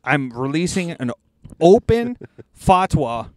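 A man's voice: fairly high pitch, big pitch swings, slow, a little mellow, no echo, studio quality. A man, co-hosting a podcast from inside a car, telling a profane, ranting story in casual chat. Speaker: podcast co-host.

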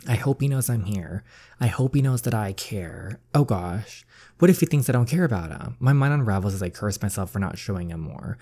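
A man reading a heartsick young woman, dark-voiced. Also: lowish voice, expressive, brisk. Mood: anguished. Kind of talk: reading a story game aloud.

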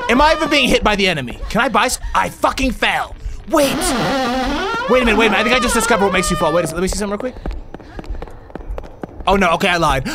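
A young man doing profane, excitable horror game commentary, reading game text aloud and shouting when scared. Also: high-pitched. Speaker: gaming YouTuber.

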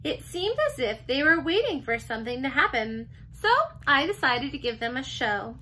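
A teacher reading a children's chapter book aloud, gentle and expressive. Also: female voice, sits high, moderate pace, breathy edge, low-quality recording. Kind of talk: storybook read-aloud.

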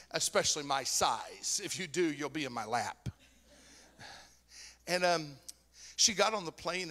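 A man, preaching a sermon as a guest speaker, telling stories with animation and rising to shouts. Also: a little high, in a large hall. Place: church sanctuary.

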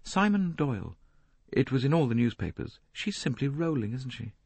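A man's voice: mid-range voice, very animated, normal speed, a little mellow, slightly rough, no echo, pitched above the performer's own voice. A man reading aloud and voicing a sulky, envious young woman in a clipped, bitter tone.

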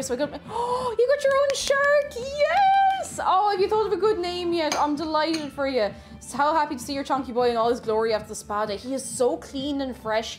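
A young woman chatting cheerfully on a live stream while baking, greeting viewers and repeating her phrases. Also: high-pitched.

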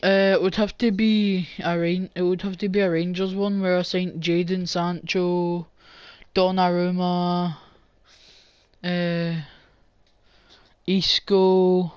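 Slow-talking man doing game commentary. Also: high voice, level tone, smooth, no echo. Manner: rambling, sweary, chatting to live viewers. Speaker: gaming channel host. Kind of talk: casual gameplay commentary.

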